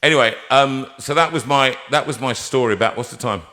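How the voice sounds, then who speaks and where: A man's voice: medium pitch, fairly quick. A man hosting a live stream from a music room, telling a stage anecdote and acting out the voices he quotes. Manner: animated, acts out quoted voices. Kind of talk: anecdotal storytelling.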